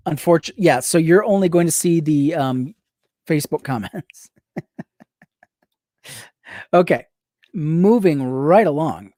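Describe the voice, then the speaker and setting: A woman reading a book aloud on a livestream, rapid-fire, breaking off for sarcastic asides to her viewers. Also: on the low side, dark tone, no room sound, studio quality. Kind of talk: reading aloud with live commentary.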